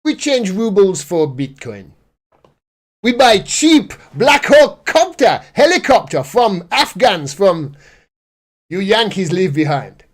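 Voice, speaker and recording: A man's voice: high-pitched, big pitch swings, slow, pitched below the performer's own voice, heavily acted. A man putting on an exaggerated Russian accent to voice a smug, dismissive leader in clipped broken English. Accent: put-on Russian.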